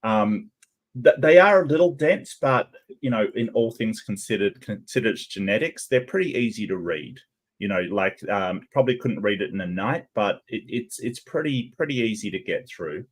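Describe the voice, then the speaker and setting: A man's voice: fairly low pitch, expressive, moderate pace. A man with an English accent, hosting a casual group chat in a rambling, conversational way. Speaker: host.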